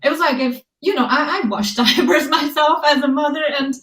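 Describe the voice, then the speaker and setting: A woman researcher answering interview questions thoughtfully, pausing and restarting often, with light laughs. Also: sits high, fairly bright tone. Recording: echoey room, a bit distant from the mic.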